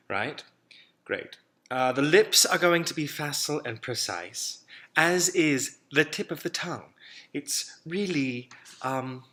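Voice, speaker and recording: Male voice coach, bright and animated, teaches vowels by demonstration. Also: mid-range voice. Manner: demonstrates sounds, drills words. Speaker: accent coach. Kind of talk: accent lesson to camera.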